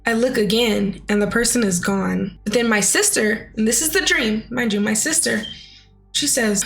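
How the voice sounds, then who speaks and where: A woman's voice: a little high, normal speed, a bit bright, faint music behind. A young woman telling a personal story in a casual, chatty way, with lots of "like" and "you know.". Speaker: vlogger.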